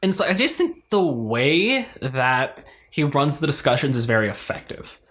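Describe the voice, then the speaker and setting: A man's voice: medium pitch, sing-song, moderate pace, fairly bright tone. A young man co-hosting a podcast, telling stories in a rambling, filler-heavy way with frequent laughs. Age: young adult. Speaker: podcast co-host. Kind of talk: casual chat.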